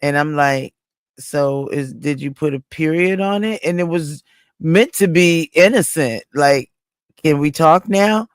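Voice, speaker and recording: A woman's voice: low-pitched, a little slow, no echo, studio quality. A woman on a livestream panel, talking earnestly and making peace. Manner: earnest, conciliatory. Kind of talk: casual chat.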